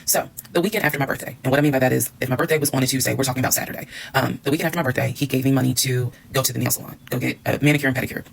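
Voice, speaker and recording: A woman rattles through a personal storytime at breakneck speed. Her voice has a gravelly fry, and she is blunt and candid, swearing freely. She acts out the back-and-forth of old arguments as she goes. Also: a bass voice, fairly even intonation, very fast, few pauses, slight background noise, low-quality recording. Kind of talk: storytime monologue.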